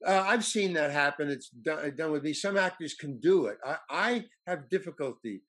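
An older man, an actor, telling anecdotes in a halting way, with many fillers and restarts. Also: on the high side, animated, fairly bright tone. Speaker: actor guest. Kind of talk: anecdotal storytelling.

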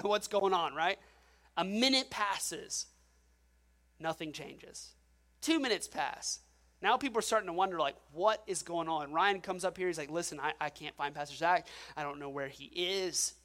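A male pastor delivers a sermon in a church sanctuary. He preaches in an animated, storytelling way, often turning to the congregation with questions. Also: high-pitched.

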